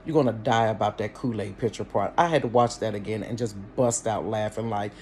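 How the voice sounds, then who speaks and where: A man from Cincinnati hosting a casual storytime vlog from his bedroom, chatty and animated, talking straight to his viewers and laughing easily. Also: fairly low pitch, brisk, a little hiss or hum. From Cincinnati, Ohio. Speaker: storytime channel host. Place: bedroom at home.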